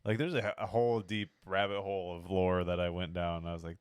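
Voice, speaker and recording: Casting: deep-voiced male podcast co-host, halting, clear and smooth. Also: level tone, no echo. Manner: hesitant, many fillers, searches for words. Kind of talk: casual chat.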